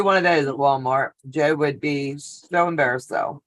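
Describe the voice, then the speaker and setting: A woman's voice: sits low, moderate pace. A middle-aged woman hosting a live sewing show, chatting casually and telling stories while greeting viewers by name.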